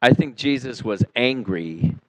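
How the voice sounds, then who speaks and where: A male pastor preaching a sermon in a church, acting out quotes and swinging between loud and soft. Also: medium pitch, lively intonation, measured pace, rough recording. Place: church sanctuary.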